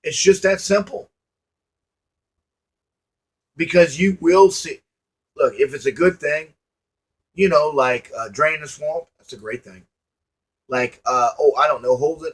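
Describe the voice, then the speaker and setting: His voice sits on the high side with a breathy edge. The online commentator gives viewers a folksy, preachy pep talk, emphatic throughout, with repeated phrases and rhetorical questions.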